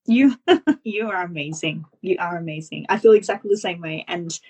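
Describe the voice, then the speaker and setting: A woman's voice: on the low side, moderate pace, a little mellow, breathy edge. A woman hosting a podcast, talking enthusiastically and affirming her guest, with many fillers like "you know". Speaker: podcast host, business coach. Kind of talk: casual podcast conversation.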